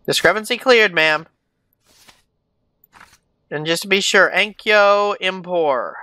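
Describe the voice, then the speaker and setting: A man's voice: high voice, slow pace, bright, forceful tone, no room sound. A man giving casual let's-play commentary, reading documents aloud and muttering asides to himself. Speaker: gaming YouTuber.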